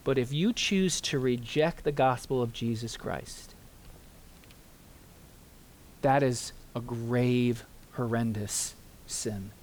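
Pastor guy preaching, slow and pleading, leans hard on key words. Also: medium pitch, a little hiss or hum. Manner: earnest, pleading preaching with slow emphatic phrases; addresses the congregation and tells a story. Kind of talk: sermon.

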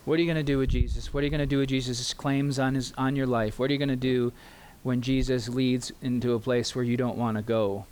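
A man preaching in a church with earnest, pleading emphasis. He draws out key words slowly as he speaks to his congregation. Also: medium pitch, little pitch movement, a little mellow, slight background noise. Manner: addresses the congregation and tells a story. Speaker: pastor. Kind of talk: sermon.

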